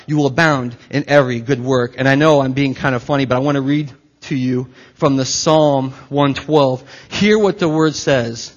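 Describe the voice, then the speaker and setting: A man preaching a sermon to his church, animated and playful, swinging between soft asides and loud bursts. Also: medium pitch, moderate pace, highs cut off. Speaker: pastor.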